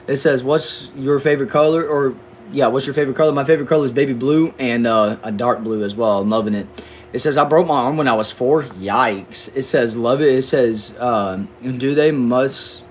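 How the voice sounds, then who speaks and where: An upbeat young man hosts a casual live stream, reading viewer comments aloud and answering them one by one. His voice sits at an ordinary middle pitch, and a faint hiss of background noise runs under it. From Texas, USA.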